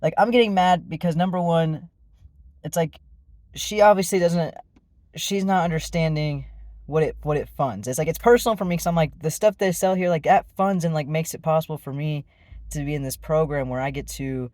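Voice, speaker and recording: A man's voice: a little high, brisk, darkish tone, dry recording, clean studio sound. A man telling a personal story in a casual, rambling way, with many fillers and restarts. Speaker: vlogger.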